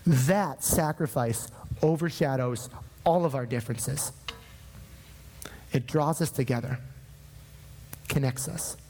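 A man's voice: medium pitch, slow, pauses often, long reverb tail. A man from northern Minnesota preaching a sermon, telling a personal story with acted-out dialogue. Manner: animated storytelling, acting out dialogue. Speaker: pastor.

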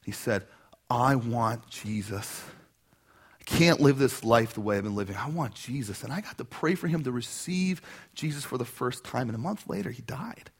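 A pastor preaching a sermon tells a personal story animatedly, acting out the voices of those he quotes. His voice is husky and medium-pitched, at a moderate pace.

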